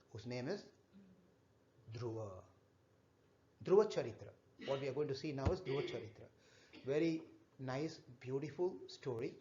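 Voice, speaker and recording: A man's voice: mid-range voice, dark tone, a little hiss or hum. Man telling scripture stories to children. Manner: halting, repetitive storytelling with fillers, asks the children questions. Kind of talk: storytelling class for children. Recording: echoey, dull room recording.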